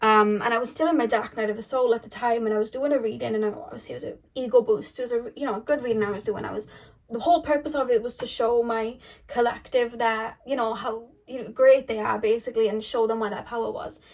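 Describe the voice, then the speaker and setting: A woman tarot reader tells a spiritual story to camera, rambling and emphatic, with lots of fillers and restarts. Her voice is on the high side, steady in tone, and quick.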